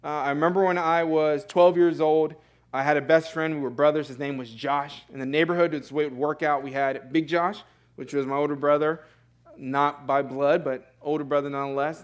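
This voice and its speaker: A man's voice: fairly high pitch, fairly even intonation, a little fast. Earnest young man preaching casually. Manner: conversational, earnest, with frequent fillers and self-corrections. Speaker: pastor. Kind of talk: sermon. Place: church sanctuary.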